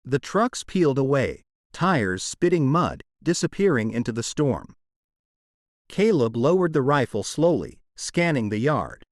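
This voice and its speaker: A man narrating a romance audiobook in a dramatic, expressive storytelling manner. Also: medium pitch, unhurried, no room sound, studio quality.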